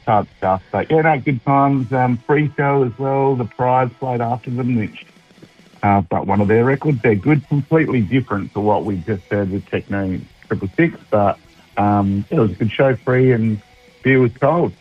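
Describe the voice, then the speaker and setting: A man's voice: mid-range voice, moderate pace, slightly rough, dull audio, faint music behind. A man with an Australian accent calling in to a radio show, chatting in an easygoing, rambling way with dry humour. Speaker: caller. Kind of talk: casual chat on air. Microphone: phone.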